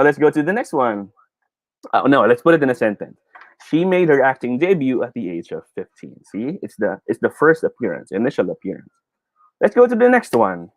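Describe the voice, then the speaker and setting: A man with a Filipino accent leads a live online pronunciation lesson, his voice jumping up and down in pitch as he cheers his viewers on. He reads their comments aloud, laughs easily and slips between English and Tagalog. The sound is dry and close. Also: no echo. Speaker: teacher.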